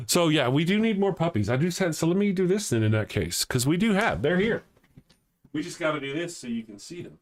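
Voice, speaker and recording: A man's voice: on the high side, big pitch swings, normal speed, long pauses. A man hosting a casual live morning show, reading viewer comments aloud and joking, often chuckling as he talks.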